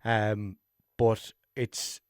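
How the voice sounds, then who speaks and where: A man's voice: lowish voice, flat delivery, extremely slow, a little mellow, clean tone, no echo, studio quality. A man with a Limerick Irish accent hosting a solo comedy podcast, rambling and self-mocking, swearing casually. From Ireland. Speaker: podcast host.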